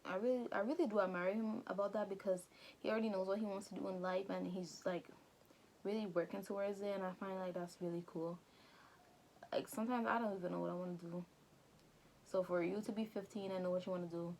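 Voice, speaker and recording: A woman's voice: fairly low pitch, steady tone, darkish tone, a little hiss or hum. Chatty woman recapping an anime. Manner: chatty, slangy, quick asides to viewers. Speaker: anime reviewer vlogger. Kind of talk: casual movie recap commentary.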